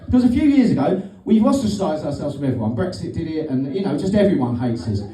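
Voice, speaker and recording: On a club stage, a middle-aged British man performs a rambling, sweary, sardonic stand-up set, captured as roomy stage sound from a distance. His voice is on the high side, sing-song, fast and mellow.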